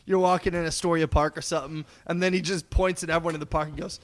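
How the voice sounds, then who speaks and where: High-voiced young man, laughing and teasing. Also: little pitch movement, quick pace. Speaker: podcast guest. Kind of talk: casual chat.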